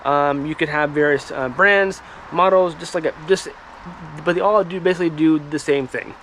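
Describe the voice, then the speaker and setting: A man hosting a firewood channel, talking casually to camera outdoors in halting speech full of ums and restarts. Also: a little high, a bit bright. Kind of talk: casual vlog talk to camera. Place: outdoors by a woodpile, rain and traffic nearby. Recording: light rain and road noise behind.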